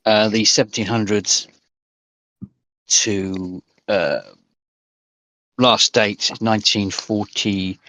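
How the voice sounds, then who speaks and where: Slow, halting game master. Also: male voice, fairly low pitch, fairly even intonation, bright, forceful tone, dry recording. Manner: halting, full of fillers, descriptive. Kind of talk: narrating a tabletop game over voice chat.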